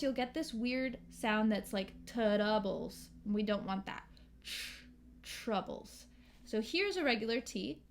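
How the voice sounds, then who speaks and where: An American woman teaching English pronunciation, slowly and carefully modeling sounds and words. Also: a little high. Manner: slow, careful, models sounds and sings lines. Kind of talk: pronunciation lesson with sung examples.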